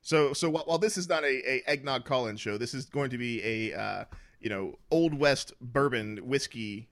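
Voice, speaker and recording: A man's voice: mid-range voice, normal speed, fairly bright tone, dry recording. A man hosting a podcast, rambling and laughing through casual banter. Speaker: podcast host. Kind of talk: casual chat.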